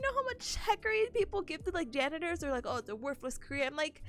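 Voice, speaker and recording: A woman's voice: high voice, expressive, quick pace, few pauses. A young woman streaming a casual study session, bubbly and chatty, laughing often as she talks. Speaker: student streamer. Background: soft lofi music.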